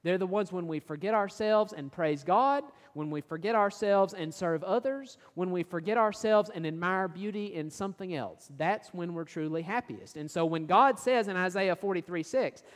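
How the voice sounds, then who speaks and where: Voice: medium pitch, moderate pace, few pauses, in a large hall. A preacher giving a sermon, asking the listeners questions and reading and explaining scripture verses. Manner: asks the listeners rhetorical questions.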